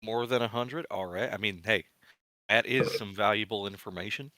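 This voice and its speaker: Brief: a man playing an anxious, businesslike fantasy governor, low and bright-edged, dry close recording. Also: normal speed, no echo. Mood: concerned. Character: concerned middle-aged male town governor.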